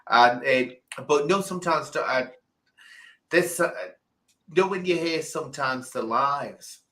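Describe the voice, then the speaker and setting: A man's voice: fairly high pitch, unhurried, rough recording. A man hosting a casual live stream, telling stories with emphatic repetition. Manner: animated storyteller, emphatic repetition. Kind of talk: casual chat.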